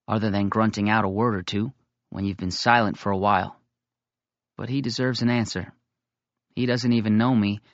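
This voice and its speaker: A man reading a novel aloud in first person, with steady, measured storytelling. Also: fairly low pitch, dry recording, lo-fi sound. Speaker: audiobook reader.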